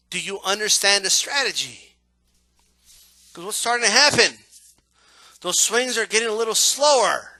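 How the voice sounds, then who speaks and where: A man giving a casual, animated monologue about how he watches boxing, often asking "right?". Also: sits high, no room sound. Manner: animated, acts out yelling crowd members, repeats "right?". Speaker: boxing commentator.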